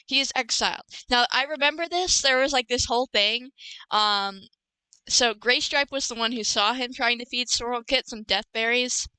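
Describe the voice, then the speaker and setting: A woman's voice: fairly high pitch, bright, forceful tone, smooth, no echo, low-quality recording. A young woman hosting a podcast, recapping a book in a rambling, self-correcting casual chat. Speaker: podcast host.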